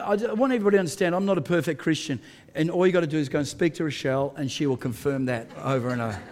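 A man's voice: on the high side, a little mellow. A middle-aged Australian pastor preaching a sermon, telling a story conversationally with fillers and restarts, then pressing his point emphatically.

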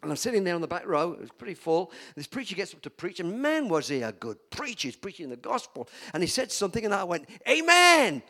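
A man's voice: high-pitched, sing-song, fast, few pauses. A man preaching a sermon in a church, emphatic and calling for amens from the congregation. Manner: emphatic, call-and-response preaching.

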